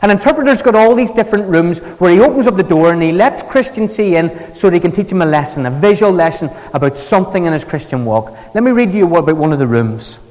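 Preacher, animated storytelling. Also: male voice, sits high, fast, hardly any pauses, long reverb tail, low-quality recording. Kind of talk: sermon.

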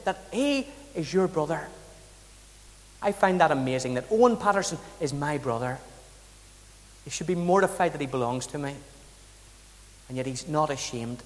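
Irish male preacher, raised-pitch voice, conversational storytelling sermon, reverberant hall. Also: lively intonation, moderate pace. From south of Ireland. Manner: storytelling, conversational with rhetorical questions. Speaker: pastor.

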